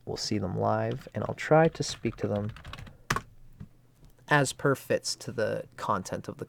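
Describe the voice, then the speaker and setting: A man's voice: fairly low pitch, vocal fry, a little hiss or hum. A man hosting an astrology livestream, talking casually and rambling, with casual swearing. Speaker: astrology channel host.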